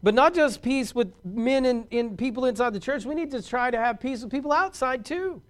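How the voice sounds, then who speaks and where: A man preaching a sermon as a pastor, folksy and rising louder on key points. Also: very high voice, normal speed.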